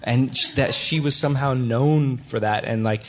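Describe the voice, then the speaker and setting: A man's voice: medium pitch, normal speed. A man co-hosting a live podcast, dropping dry asides. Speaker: podcast co-host. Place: theater stage before a live audience.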